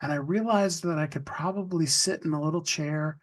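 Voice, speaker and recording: A man hosting an interview podcast, relaxed and reflective as he asks his guest questions. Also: on the high side, fairly quick. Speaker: podcast host. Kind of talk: casual interview talk.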